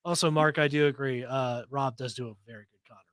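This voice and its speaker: A man's voice: mid-range voice, fairly even intonation, quick pace, a bit bright, smooth, dry recording. A man co-hosting a radio talk show, dropping short wry remarks into the casual chat. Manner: brief wry interjections.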